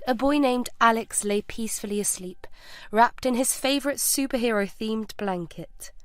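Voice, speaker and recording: A woman reading a scripted story as narrator, measured and even. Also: a little high, no room sound, clean studio sound.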